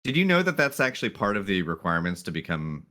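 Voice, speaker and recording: Very deep, bright man making dry jokes. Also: sing-song, fast. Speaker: podcast co-host. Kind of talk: casual chat.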